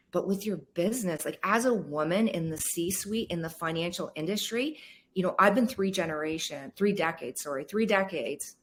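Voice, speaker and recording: A woman's voice: low voice, slight background noise. A middle-aged woman hosting a podcast, talking in an effusive, admiring way and rambling a little before she gets to her question. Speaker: podcast host. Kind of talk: interview conversation.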